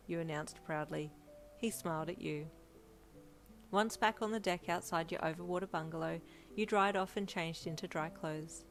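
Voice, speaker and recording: A woman narrating a fanfiction audiobook in a steady storytelling manner. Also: lowish voice, normal speed. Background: faint lo-fi music.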